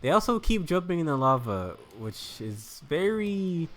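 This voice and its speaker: A man's voice: fairly high pitch, big pitch swings, measured pace. A young man giving casual, joking let's-play commentary, rambling and laughing at himself. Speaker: gameplay commentator. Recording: faint game music behind.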